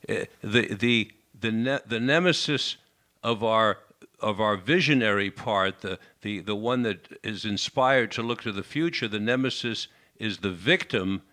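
Low-pitched male radio host, bright tone, sums up the guest's points. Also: a little slow. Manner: summarizes and checks back with the guest. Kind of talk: radio interview.

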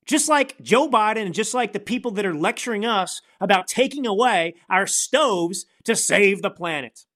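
A man's voice: high voice, big pitch swings, normal speed, fairly bright tone. A man hosting a podcast, delivering angry, sarcastic political commentary in a ranting manner. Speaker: podcast host.

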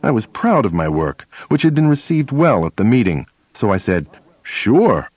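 Male audiobook narrator, low voice, very animated delivery, dry close mic. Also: normal speed, no room sound. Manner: animated storytelling, acting out dialogue. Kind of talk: first-person audiobook narration.

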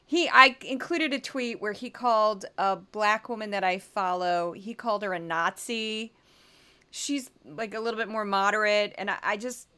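Animated Missouri-accented woman host, bright and sharp. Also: medium pitch, clear, resonant tone. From Midwest US. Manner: chatty, animated, often laughing. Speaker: podcast host. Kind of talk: casual commentary.

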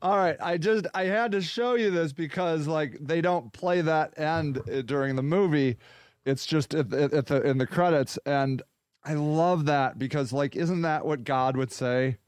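A man hosting a casual podcast, rambling and excitable, talking in bursts into a close mic. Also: on the high side, measured pace, smooth, dry recording. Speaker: podcast host.

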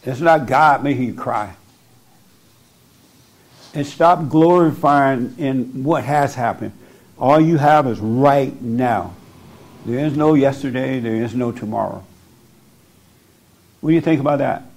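Unhurried and pausing often, a man with a mid-range, slightly mellow voice talks into a microphone. He delivers blunt, insistent spiritual counsel to the person before him, repeating his points to make them stick.

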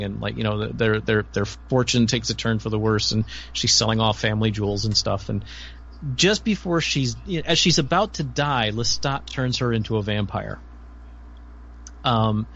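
A man's voice: medium pitch, a bit bright. A man with a middling voice on slightly muffled audio talks eagerly on a casual panel. He stops and restarts often and fills the gaps with ums. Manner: enthusiastic, halting, many fillers. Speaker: podcast panelist. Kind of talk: casual chat.

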